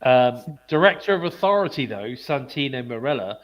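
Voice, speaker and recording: A man's voice: mid-range voice, expressive, normal speed. British man recapping wrestling casually. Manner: reads match recaps with fillers. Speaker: podcast co-host. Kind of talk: casual wrestling review chat.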